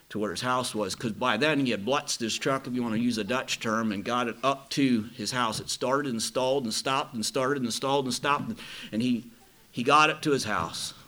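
A man's voice: medium pitch, bright, forceful tone. A middle-aged man preaching, telling a personal story in a plain-spoken, folksy way. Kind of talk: sermon storytelling.

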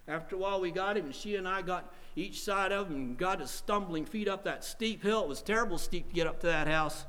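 A man preaching a sermon in a church, telling stories dramatically and swinging from hushed tones to loud outbursts. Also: high-pitched, a little fast, few pauses, low-quality recording.

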